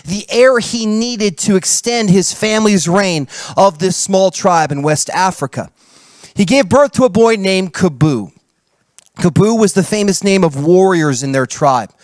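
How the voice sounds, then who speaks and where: A man's voice: high voice, dry recording. A man preaching a sermon, telling a story with dramatic shifts in pace. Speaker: pastor.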